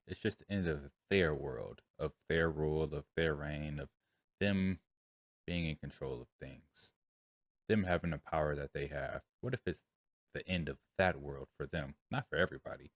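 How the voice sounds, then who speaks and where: Male host, deep voice, relaxed slangy reaction commentary. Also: normal speed, no echo. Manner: laid-back, slangy commentary. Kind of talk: casual reaction chat.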